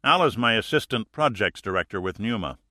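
A man voicing a calm, dry-witted male hero, speaking in a measured, softly firm way. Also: lowish voice, no room sound.

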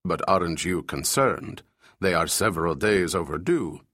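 A man's voice: deep voice, normal speed, a bit bright, no room sound, studio quality, voice pushed down. A man voicing a formal male official with a thick, faint Arabic accent for an audiobook. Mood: pressing.

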